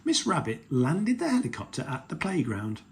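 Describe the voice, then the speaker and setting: A man reading a picture book aloud to children, slow and expressive. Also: on the high side.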